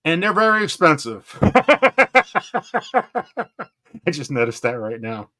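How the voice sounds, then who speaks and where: Excitable man hosting a live stream. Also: on the high side, slow pace. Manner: excitable, laughs often, stumbles over names. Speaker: host of a gardening live stream. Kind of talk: casual live-stream chat.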